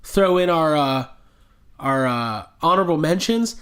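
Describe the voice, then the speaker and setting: Young male host, lively and playful, pitch bouncing as he jokes at his own expense. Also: a little slow. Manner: animated and jokey, self-mocking asides. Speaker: podcast host. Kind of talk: casual chat.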